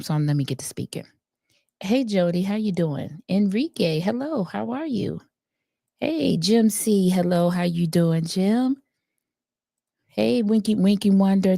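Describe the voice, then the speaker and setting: A woman doing an impression of a soft-spoken, gentle woman who greets live stream viewers slowly and hesitantly, with many ums and uhs. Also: on the low side, no echo, clean studio sound, voice pushed down.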